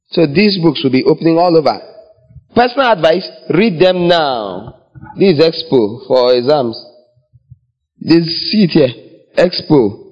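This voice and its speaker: A man preaching a sermon, acting out scenes with different voices. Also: fairly high pitch. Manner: dramatic, acts out scenes with voices. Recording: dull lo-fi sound.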